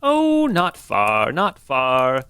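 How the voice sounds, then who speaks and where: A man voicing a kindly old woman who keeps a tavern, in a high old-lady voice. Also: huge pitch swings, very slow, sharp tone, smooth, no room sound, heavily acted. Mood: welcoming.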